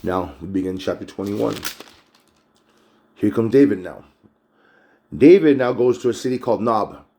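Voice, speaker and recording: A man's voice: fairly low pitch, animated, normal speed, gravelly, pauses often, mellow. Guy doing a laid back bible recap, slangy, preachy, conversational. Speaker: bible teacher. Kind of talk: casual bible chapter recap.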